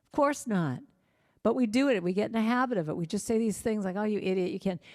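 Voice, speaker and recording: A middle-aged woman giving a gentle, heartfelt inspirational talk in a church, telling personal stories. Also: on the high side, lively intonation, fairly quick. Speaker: singer-songwriter speaker.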